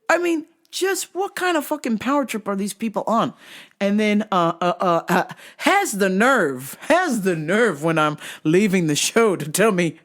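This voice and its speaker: A podcast host telling a comic rant about a run-in with security, profane and exasperated, rising to yells. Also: mid-range voice, lively intonation, normal speed. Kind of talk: comedic storytelling rant.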